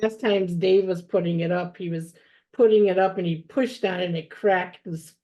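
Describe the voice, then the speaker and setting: A woman's voice: on the low side, fairly even intonation, normal speed, mellow. A woman client at a reading, answering questions in brief, plain replies. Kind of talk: casual conversation.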